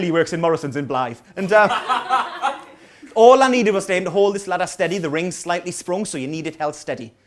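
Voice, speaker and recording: Geordie man, high-pitched voice, stand-up comic, rambling self-deprecating storytelling, small live venue. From North East England. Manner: rambling self-mocking storytelling with dry asides. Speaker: stand-up comedian. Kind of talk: stand-up comedy set. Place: small coffee house venue with a live audience.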